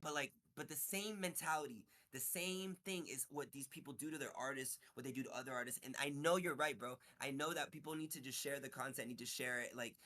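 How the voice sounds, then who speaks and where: A man talking as an interview guest in casual chat, halting and restarting, swearing, getting heated. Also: mid-range voice, bright, forceful tone.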